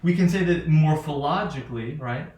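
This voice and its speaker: A male linguistics lecturer, his voice slightly high and darkish, talks at normal speed through a classroom lecture on phonetics in a roomy-sounding space. He drifts and restarts a lot, constantly checking in with "right?".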